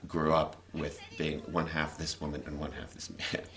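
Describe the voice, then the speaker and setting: A man's voice: a bass voice, monotone, normal speed. A middle-aged man giving casual, conversational commentary over old family video footage. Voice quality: conversational, with restarts and laughs. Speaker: narrator of family film.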